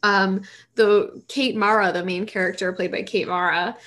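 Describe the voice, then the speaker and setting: Woman podcast host going off about a movie, lively and ranty. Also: medium pitch. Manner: animated, ranting, quick asides and laughs. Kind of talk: casual movie chat.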